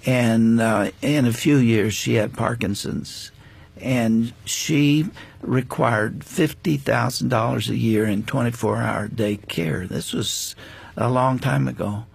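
An older man, guesting on a faith interview show, reflects earnestly on a personal story, his account full of pauses and restarts. He has a mid-range voice that is creaky and husky.

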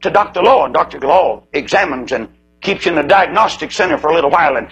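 A man's voice: expressive, quick pace, a bit bright, husky, low-quality recording. A man preaching a sermon, telling stories dramatically and acting out the voices in them. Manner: dramatic storytelling with swooping pitch, acting out quoted voices.

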